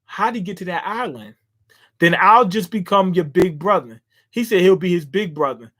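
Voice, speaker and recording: Casting: man with a high-set voice, casual manga read-along, chatty quick reactions. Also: a bit bright. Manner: reads panels aloud, reacting with quick asides. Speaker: manga reader and commentator. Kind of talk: casual read-through with commentary.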